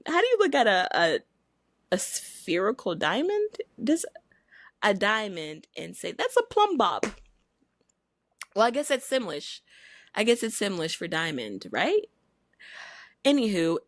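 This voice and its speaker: Woman podcast host, rambling, playful, short on sleep, lowish voice, dry close mic. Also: a bit bright, dry recording. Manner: rambling, playful, self-mocking. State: sleep-deprived. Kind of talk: casual chat.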